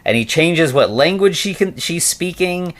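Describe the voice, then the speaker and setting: A man's voice: on the high side, expressive, measured pace. A man co-hosting a podcast, casually retelling a film's plot in a rambling way full of "um" and "like". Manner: rambling retelling with many ums and likes. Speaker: podcast co-host. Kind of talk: casual film-review chat.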